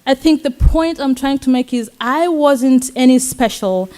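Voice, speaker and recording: A young Kenyan woman, a student, telling a personal story at a campus talk event in an earnest, warm way with soft laughs. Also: sits high, unhurried, a little hiss or hum. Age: young adult. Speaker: student speaker. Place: event stage.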